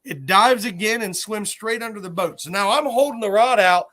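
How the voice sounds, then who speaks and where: Bright-voiced excited man. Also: sits high, normal speed. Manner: animated, repeats words when excited. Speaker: host. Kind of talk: casual storytelling chat.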